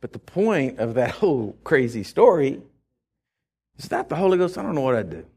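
A man's voice: mid-range voice, very animated, moderate pace, dark tone, husky. A man preaching in church, telling a story dramatically and laughing as he goes. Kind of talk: storytelling sermon.

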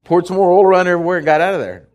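A man's voice: sits high, very fast, darkish tone, highs cut off. A man preaching in church, telling a story dramatically and laughing as he goes. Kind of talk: storytelling sermon.

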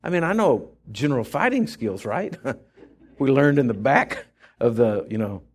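A man's voice: medium pitch, expressive, normal speed, slightly rough. A man preaching in church, telling a story dramatically and laughing as he goes. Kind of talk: storytelling sermon.

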